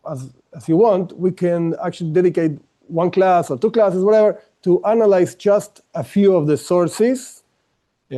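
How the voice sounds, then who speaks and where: A man's voice: high voice, warm tone. A man teaching an online class, explaining ideas step by step, often restarting and rephrasing as he goes.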